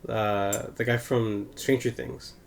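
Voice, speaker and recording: A man's voice: medium pitch, fairly even intonation, takes it slowly, vocal fry, a little hiss or hum. A man co-hosting a podcast in casual chat, talking in a laid-back, hesitant way with trailing phrases. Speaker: podcast co-host.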